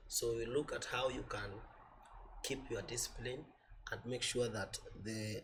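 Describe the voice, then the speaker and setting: A man teaching an online trading class, explaining slowly with repetition and fillers, his voice a little off from a cold. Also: medium pitch, steady tone, fairly bright tone, a little hiss or hum. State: voice slightly off from a cold. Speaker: forex trading instructor.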